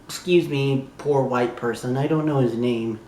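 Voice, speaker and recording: A young man from the southern United States talking casually as a YouTube reviewer, gushing and exclaiming like an excited fan who swears freely. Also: mid-range voice, normal speed, slight background noise. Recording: echoey room.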